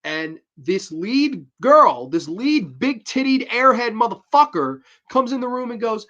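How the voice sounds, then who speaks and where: A man's voice: extremely high pitch, animated, measured pace, hardly any pauses, sharp tone, highs cut off. A man hosting a casual show, bluntly and profanely ranting through a horror movie review.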